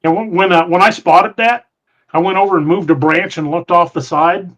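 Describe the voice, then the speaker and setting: A podcast host with a high, steady, slightly bright voice tells a rambling story at a moderate pace in casual chat, often restarting his sentences. The audio is muffled and lo-fi.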